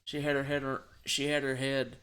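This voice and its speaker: Casual male vlogger, worn out and low-key, rambling, smooth and clear tone. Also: monotone, fairly bright tone. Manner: halting, rambling, with frequent restarts and swearing. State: subdued and tired. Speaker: gaming channel host. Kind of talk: casual vlog talk.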